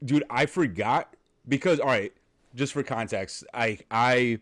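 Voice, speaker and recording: Male host, casual storyteller, average pitch, quick to laugh, a bit profane. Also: fairly bright tone. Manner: chatty storyteller, laughs a lot, swears casually. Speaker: podcast host. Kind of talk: casual chat.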